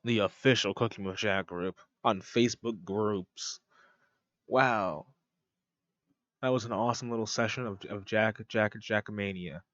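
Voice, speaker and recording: A man's voice: on the low side, a little slow, fairly bright tone, no echo, dull audio. A man streaming a casual reaction commentary, rambling and joking with mock-French asides. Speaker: streamer reacting to a cooking video.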